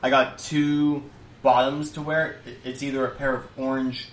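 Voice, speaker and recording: Young man rambling deadpan, distant roomy mic. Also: medium pitch, normal speed, slight background noise. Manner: rambling, deadpan step-by-step storytelling with many fillers. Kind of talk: casual chat.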